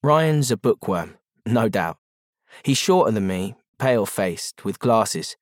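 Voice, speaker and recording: A man narrates a story in the first person with clipped, wry, matter-of-fact delivery. His voice sits on the low side and is recorded dry and close, with no room sound. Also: lively intonation, slow pace, no echo.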